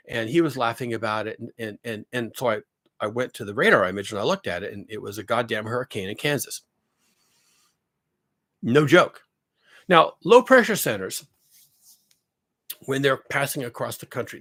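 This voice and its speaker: A man's voice: medium pitch, a bit bright. A man talking casually and exasperatedly, rambling with many restarts as he explains weather to his audience. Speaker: climate commentary vlogger. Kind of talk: casual talk.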